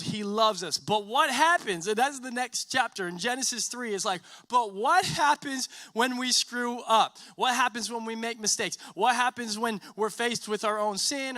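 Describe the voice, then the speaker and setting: A man in the pulpit with a high, bright voice, preaching in an animated, conversational way. He keeps checking in with the congregation and slips into casual voices for the characters in his story. The sound is close and dry. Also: no room sound. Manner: conversational, many "right?" tags and restarts. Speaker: pastor. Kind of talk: sermon.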